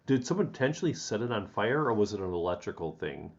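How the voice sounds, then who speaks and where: A man from the Chicago area hosts a casual live stream, talking fast in a lowish voice with big swings in pitch. He rambles, chuckles, greets viewers by name, and rants about the news. The stream audio is dull and lo-fi.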